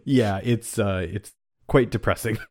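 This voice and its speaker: A man's voice: fairly low pitch, measured pace, a little mellow, no room sound. A man co-hosting a casual podcast, recapping a TV episode with dry joking asides. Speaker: podcast co-host.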